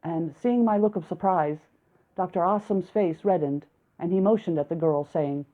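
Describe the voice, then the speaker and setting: A woman with a lowish voice reads a first-person story aloud, steady and reflective. The recording is narrow and tinny, like a phone line. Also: normal speed. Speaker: audiobook narrator. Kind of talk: audiobook narration of a first-person male narrator.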